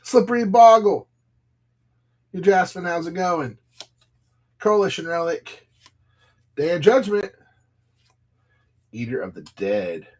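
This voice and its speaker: On a live stream, a man sells card packs, opening them and reading the cards aloud while chatting casually and telling viewers stories. He's chatty and rambling, greeting viewers by name as he reads. His voice is high-pitched and a little mellow, with lively intonation, and he takes it slowly with frequent pauses.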